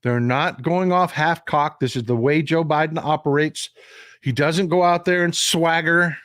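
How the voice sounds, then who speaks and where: A man's voice: on the high side, a little slow, a bit bright, no room sound, studio quality. A man hosting a casual political commentary livestream, folksy and repetitive, talking straight to his chat.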